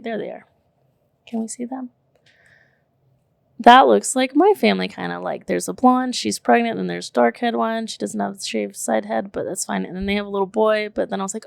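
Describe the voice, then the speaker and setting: A woman in her thirties chatting casually on a podcast, telling stories in an animated way with lots of "like" and "literally", swearing now and then. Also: mid-range voice, moderate pace, vocal fry, no echo, studio quality. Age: 30s. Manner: animated, filler-heavy storytelling with frequent "like" and "literally". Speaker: podcast co-host. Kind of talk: casual chat.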